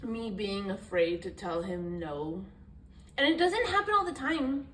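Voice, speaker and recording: A woman's voice: mid-range voice, very animated, measured pace, fairly bright tone. A young woman vlogger telling a rambling, candid story in a casual chat, swearing now and then. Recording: echoey room, voice a bit far off, faint background hiss.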